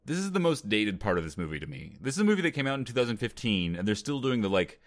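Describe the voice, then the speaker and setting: Deep-voiced young man recapping a movie. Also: big pitch swings, fast talker, few pauses, dry recording. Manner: wry, laughs while recapping scenes. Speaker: podcast co-host. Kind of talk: casual movie-review chat.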